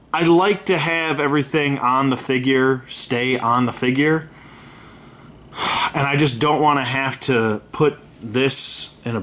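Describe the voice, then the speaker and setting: With a mid-range, fairly bright voice, a man reviews an action figure off the cuff, complaining bluntly and swearing freely. His sentences drift and restart, full of ums and uhs as he handles the toy, and he keeps correcting himself.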